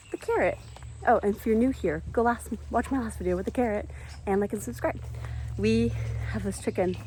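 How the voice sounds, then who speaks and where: A woman, chatting casually on her home vlog about her chickens, garden and baking. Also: a little hiss or hum. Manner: chatty and animated, jumping up high when talking to animals and kids. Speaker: vlogger, mother of eight. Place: outdoors in a backyard chicken coop and kitchen.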